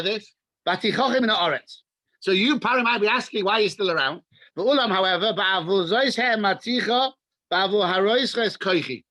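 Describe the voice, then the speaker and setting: High-voiced English rabbi telling stories. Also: male voice, fairly quick, no echo, poor audio. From England. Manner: animated storyteller, mixes in Hebrew and Yiddish terms. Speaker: rabbi teaching a class. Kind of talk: Torah class with storytelling. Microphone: video call.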